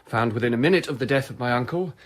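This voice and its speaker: A young gentleman under suspicion broods and snipes in a radio drama, played by a man. His tone is sardonic and cutting. There is a faint hiss behind him. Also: mid-range voice, quick pace, close to an everyday voice. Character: bitter young gentleman suspect, drinking.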